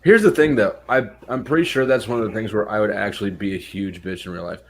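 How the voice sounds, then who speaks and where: A man's voice: on the low side, fast talker. A man hosting a casual chat, laid-back and profane with a dry sense of humor. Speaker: host.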